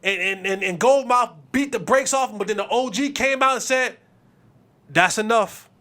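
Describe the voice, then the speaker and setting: A man in his thirties hosts a sports podcast in an unusually high voice. He talks emphatically, hammering his points through repetition and casual street slang. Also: a little fast, pushed and bright. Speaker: podcast host.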